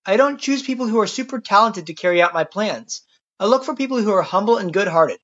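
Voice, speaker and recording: A podcast narrator voicing God as a calm, patient male deity speaking from a bush, on a dull lo-fi recording. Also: mid-range voice, fast. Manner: calm, patient, dry humor. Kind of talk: storytelling podcast.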